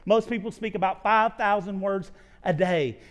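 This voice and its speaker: A pastor preaches to his church in a fairly high voice for a man. He talks earnestly and confessionally, in a sermon style. He often stumbles and restarts, repeating words as he goes. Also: moderate pace. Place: church sanctuary.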